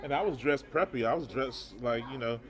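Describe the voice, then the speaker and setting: A podcast co-host on a casual chat show, this man tells stories in a rambling, animated manner, repeating words along the way. His voice is medium-pitched and a little fast.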